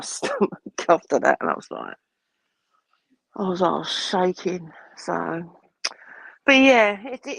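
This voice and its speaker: A woman's voice: on the low side, creaky, dry recording, poor audio. A woman telling a family story in casual chat, rambling and acting out what people said. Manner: rambling, restarts often, acts out quoted dialogue. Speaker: guest telling a personal story.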